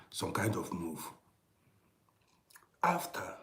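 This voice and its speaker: A middle-aged man telling a personal story in a casual monologue, dropping to hushed whispers and rising to loud, emphatic bursts, often repeating and restarting phrases. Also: low-pitched, measured pace, pauses often, echoey room. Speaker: storytelling channel host.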